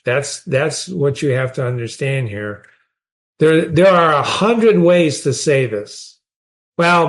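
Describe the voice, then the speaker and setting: A man, teaching a short story in a conversational way and often asking the listener questions. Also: mid-range voice. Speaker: literature teacher.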